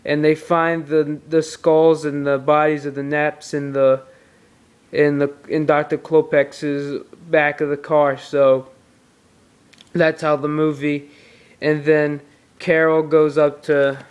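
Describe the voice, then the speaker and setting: A man's voice: on the high side, flat delivery, slow pace, smooth, highs cut off. A man casually reviewing a movie on tape, retelling the plot in a rambling way with restarts.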